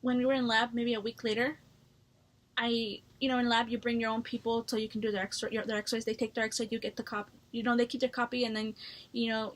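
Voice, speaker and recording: A woman's voice: fairly high pitch, a bit bright. A young woman chatting through a personal story for her vlog, blunt and full of swearing. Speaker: vlogger.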